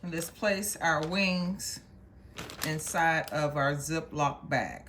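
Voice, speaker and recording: Low-voiced woman chatting through a recipe. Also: slow, a bit bright, slight background noise. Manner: homey, chatty, addresses viewers as y'all. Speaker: cooking show host. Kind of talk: casual cooking demonstration. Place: home kitchen.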